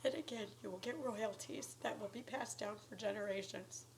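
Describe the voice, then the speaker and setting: A woman making an emotional personal appeal to viewers, earnest and pleading, close to tears, sometimes dropping to soft whispery words. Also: mid-range voice, moderate pace, a little hiss or hum, poor audio. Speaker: YouTuber asking for donations.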